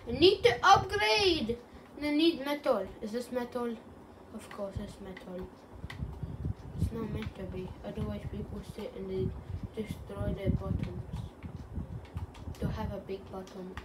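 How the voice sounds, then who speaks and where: A woman's voice: medium pitch, steady tone, unhurried, long pauses. A woman rambling through silly, self-joking commentary while playing a video game. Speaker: gaming channel host. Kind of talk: casual gameplay commentary. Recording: distant mic with clear background noise.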